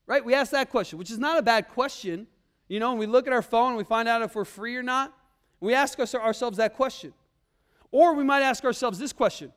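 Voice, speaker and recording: High-voiced man preaching with emphatic repetition. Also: quick pace. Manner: emphatic preaching with repeated phrases and swings from loud to quiet. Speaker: pastor. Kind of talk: sermon.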